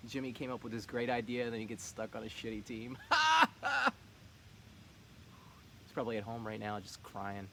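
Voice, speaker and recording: A man's voice: mid-range voice, big pitch swings, normal speed, vocal fry, sharp tone. Man, league commissioner, cocky trash talk, casual, faint background noise. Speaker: fantasy football league commissioner.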